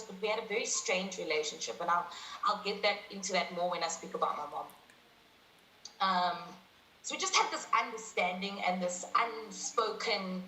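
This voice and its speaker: A woman's voice: mid-range voice, pushed and bright, slight background noise. A young woman in her twenties telling a personal story as an interview guest, acting out dialogue and laughing often. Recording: echoey room.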